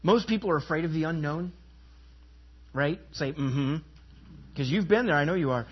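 A man preaching a sermon in a slightly raised, husky voice. He leans hard on key phrases and throws questions out to the congregation. The recording sounds dull and lo-fi. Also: fairly high pitch, moderate pace. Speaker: pastor.

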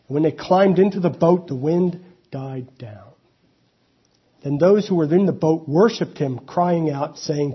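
Husky high-voiced male preacher. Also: lively intonation, measured pace, highs cut off. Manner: conversational preaching with asides and restarts. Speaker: pastor. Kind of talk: sermon.

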